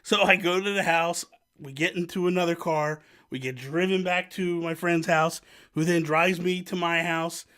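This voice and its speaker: A man's voice: a little high, moderate pace. A young man from New Jersey telling a self-mocking story to camera, acting out what others said. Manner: animated, self-mocking, acts out quotes. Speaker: vlogger.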